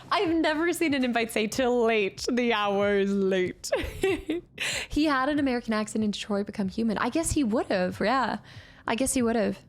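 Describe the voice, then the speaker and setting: A woman chatting casually as she streams a game and thanks viewers by name. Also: a little high. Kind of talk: casual live gameplay commentary.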